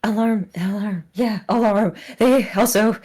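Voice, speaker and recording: A woman narrating as game master of a tabletop role-playing game, often breaking into giggles and quick asides. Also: medium pitch, fairly even intonation, darkish tone.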